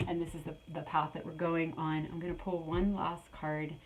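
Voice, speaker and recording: Gravelly low-voiced woman giving a rambling tarot reading. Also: flat delivery, moderate pace, phone-quality sound. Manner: rambling, repeats phrases, many fillers. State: out of breath. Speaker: tarot reader. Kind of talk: spiritual collective tarot reading.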